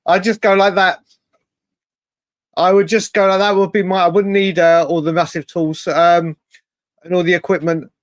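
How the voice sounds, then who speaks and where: Rambling man with a higher, close, dry voice. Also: flat delivery, normal speed, long pauses, dry recording. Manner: rambling, restarts often, swears casually. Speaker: podcast co-host. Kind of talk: casual chat.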